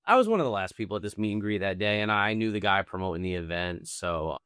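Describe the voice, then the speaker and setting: A podcast co-host with a fairly low, clear, resonant voice talks quickly and expressively, his tone fairly bright, in a dry recording with clean studio sound. He rambles through a casual anecdote loaded with "like" and "I don't know."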